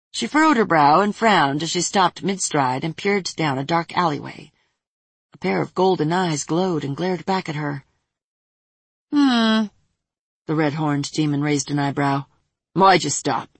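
Husky-voiced woman reading a story. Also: low-pitched, normal speed, no echo. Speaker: narrator.

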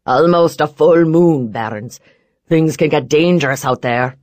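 A woman voicing a smug, wealthy man who talks in a loud, taunting way. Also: low voice, unhurried, no echo.

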